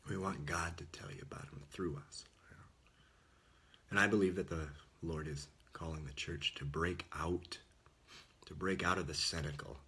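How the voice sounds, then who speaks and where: A man's voice: low-pitched, steady tone, normal speed, sharp tone, slightly rough. A man giving an earnest, informal Christian talk, often dropping to a whisper. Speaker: Catholic speaker. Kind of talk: casual sermon.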